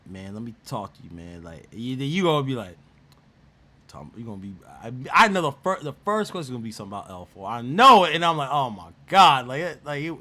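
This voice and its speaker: A man's voice: medium pitch, sing-song, brisk, sharp tone. A man hosting a casual gaming chat, talking in slang, teasing people and laughing often. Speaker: gaming channel host.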